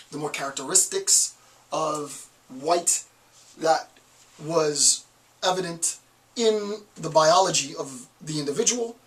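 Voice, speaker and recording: This college lecturer hails from the Northeastern United States and speaks with that region's accent, in a slightly high voice. He's forceful, asking rhetorical questions as he goes, though the mic is distant and the audio rough.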